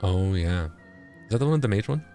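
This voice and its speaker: A man's voice: sits low, animated, moderate pace, mellow, faint music behind. A man from Canada chatting casually and teasingly while playing a game with a friend. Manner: easygoing, playful teasing. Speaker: co-player. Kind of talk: casual gaming chat.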